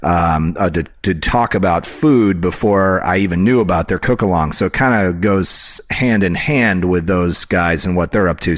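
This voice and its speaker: A man with a very low, deep voice hosts a relaxed podcast chat over drinks. He rambles happily from one aside to the next, and his voice sounds close and dry with no room around it. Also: no room sound. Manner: rambling and chatty, with many asides. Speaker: podcast host.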